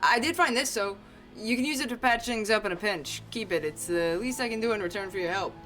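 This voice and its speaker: A woman voicing a gruff, practical rig foreman with a put-on New York accent as she reads a game's dialogue aloud. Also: medium pitch, a little fast, a bit bright, faint music behind, natural voice. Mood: matter-of-fact.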